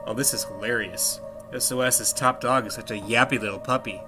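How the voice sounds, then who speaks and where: A brash, cocky male journalist, as a man voices him, taunting and sure of himself. His voice stays at an ordinary middle pitch. Game music runs in the background. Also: steady tone, brisk, natural voice. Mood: mocking.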